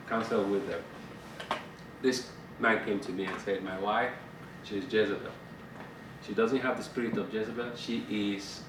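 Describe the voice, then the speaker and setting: A man's voice: on the low side, noisy background. A middle-aged man teaching a couples group about communication in a conversational way, laughing and acting out dialogue. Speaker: marriage counselor. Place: fellowship meeting room. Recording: roomy, from a distance.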